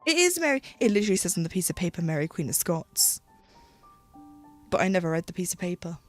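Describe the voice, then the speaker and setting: A woman's voice: on the low side, big pitch swings, rapid-fire, faint music behind. A British woman streaming live, chatting casually while she cross-stitches, rambling and losing her thread. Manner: rambling, chatty, loses her train of thought.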